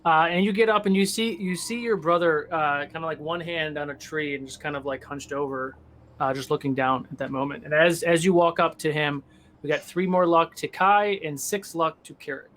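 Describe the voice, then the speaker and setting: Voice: medium pitch, steady tone, normal speed, a bit bright, slight background noise. A game master casually narrating a tabletop role-play scene, with plenty of fillers.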